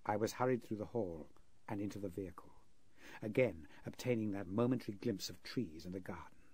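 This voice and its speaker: A man's voice: lowish voice, a little fast, darkish tone, breathy edge, no room sound. A man playing an earnest male interpreter narrating a frightening ordeal in a 1930s radio drama. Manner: earnest, vivid storytelling.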